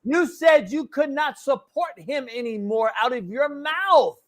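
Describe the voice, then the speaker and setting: A man with an extremely high-pitched voice hosts a sports talk show, animated but unhurried. He argues bluntly and with profanity in a heated sports debate, repeating himself to take the floor.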